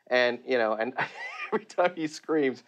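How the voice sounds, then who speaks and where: A middle-aged man talks casually about his voice work in an interview. His voice sits at an ordinary middle pitch, and he often breaks into laughter as he speaks. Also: expressive, a little slow, a bit bright, highs cut off. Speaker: voice actor guest.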